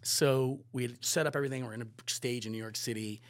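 A man appears as a photographer guest on a podcast, telling casual anecdotes at a quick pace in a medium-pitched voice with fairly even intonation and no echo. His storytelling rambles and acts out quoted dialogue.

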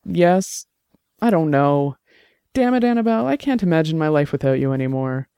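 A man voicing a blunt, conflicted middle-aged man in an audiobook drama, talking in a halting, earnest way. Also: fairly high pitch, animated, creaky, warm tone, clear, resonant tone, no echo, clean studio sound.

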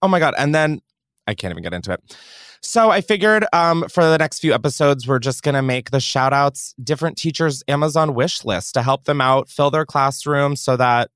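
A man's voice: medium pitch, lively intonation, normal speed, fairly bright tone, clean tone, no echo. A young man hosting a podcast in a studio, chatting casually in a rambling, crude, self-mocking way. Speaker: podcast host. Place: recording studio.

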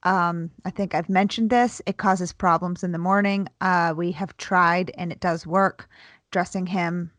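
A woman's voice: on the low side, fairly even intonation, unhurried, a bit bright, no room sound. A woman co-hosting a podcast in casual, playful, teasing chat. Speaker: podcast co-host.

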